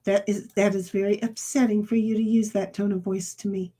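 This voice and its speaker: A woman's voice: mid-range voice, level tone, fairly quick, warm tone. A woman streamer chatting casually with her viewers, rambling and laughing often. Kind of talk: casual live-stream chat.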